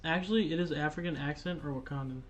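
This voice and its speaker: A man commentates his game casually, thinking aloud and cursing when things go wrong. His voice sits slightly high. Faint game music plays behind him. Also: fast talker, highs cut off. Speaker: gaming streamer.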